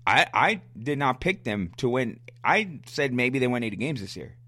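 A man in the middle pitch range talks fast and fired up on a fan podcast, blunt and repetitive, often stammering on restarts. The sound is close and dry, with no room around it. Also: big pitch swings, sharp tone, slightly rough, no room sound. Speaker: sports podcast host. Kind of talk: casual fan commentary, answering listener questions.

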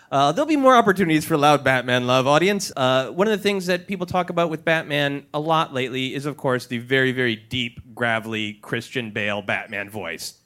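A high-pitched man emceeing a comedy show in front of a live crowd. He talks playfully, laughs at his own jokes and riffs with the audience as he introduces guests. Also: a bit bright. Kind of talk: live stage hosting. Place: stage before a live audience.

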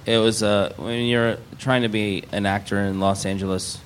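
A man's voice: fairly low pitch, steady tone, normal speed, a little hiss or hum. A man guest on a live comedy podcast telling a rambling story with many fillers and dry wit.

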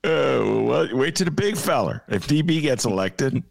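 A man's voice: mid-range voice, expressive, moderate pace, gravelly, few pauses, dry recording, clean studio sound. A middle-aged man hosting a podcast, joking and self-deprecating in casual chat. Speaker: podcast host.

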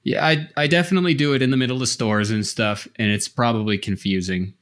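A man's voice: mid-range voice, steady tone, fast talker, fairly bright tone. A man co-hosting a podcast in casual chat, rambling and poking fun at himself. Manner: self-deprecating, rambling with restarts. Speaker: podcast co-host.

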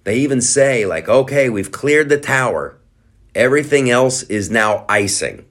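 A man's voice: mid-range voice, expressive, unhurried, a bit bright. A middle-aged man hosting a podcast, talking casually with sarcastic, mocking asides. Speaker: podcast host. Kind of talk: casual monologue.

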